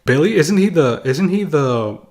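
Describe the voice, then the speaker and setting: A nagging, disapproving parent, as a young man mimics them. The voice climbs noticeably higher and turns reproachful. It scolds in a singsong, shaming way. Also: animated, normal speed, darkish tone.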